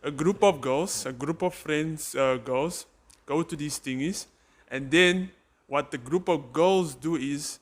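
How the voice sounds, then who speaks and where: A man's voice: a little high, takes it slowly. A South African man co-hosting a podcast, rambling and joking in casual chat. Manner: jokey, rambling. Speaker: podcast co-host.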